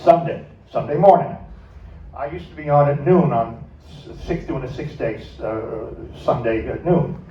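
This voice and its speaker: An older man, a former radio staffer, telling a stage anecdote with lively laughter. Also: mid-range voice, a little slow. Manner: animated, laughs through his anecdote. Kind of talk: storytelling on stage. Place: stage at a music club. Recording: echoey, dull, from far off.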